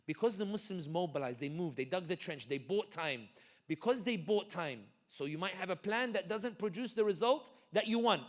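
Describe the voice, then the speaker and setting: A man giving an animated, joking community talk full of stories and quick asides. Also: high voice. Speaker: guest speaker. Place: community center hall.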